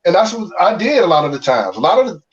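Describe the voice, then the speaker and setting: Animated Chicago baseball veteran, distant, dull. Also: male voice, sits high, fast talker. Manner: loose, animated, slangy, frequent restarts. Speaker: former pro baseball player, guest. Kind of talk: candid interview storytelling.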